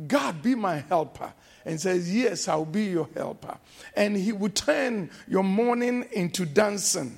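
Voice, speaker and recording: A man preaching a sermon as pastor, slow and emphatic, repeating refrains and breaking into shouted exclamations. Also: high-pitched, expressive, creaky, breathy edge.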